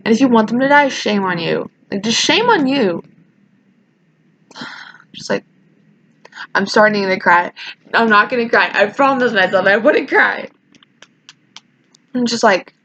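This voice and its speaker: A woman's voice: a little high, lively intonation, a little slow, pauses often, fairly bright tone, slightly rough. A teenage girl telling a casual, rambling storytime rant, often restarting her sentences and sounding emotional. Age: teens. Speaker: vlogger. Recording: dull lo-fi sound.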